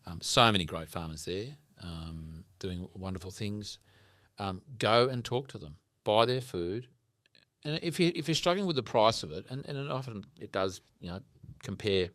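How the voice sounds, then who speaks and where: Deep-voiced Australian man, animated storyteller. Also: normal speed, no echo, clean studio sound. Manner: animated storyteller, casual swearing. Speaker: guest farmer. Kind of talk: casual podcast conversation.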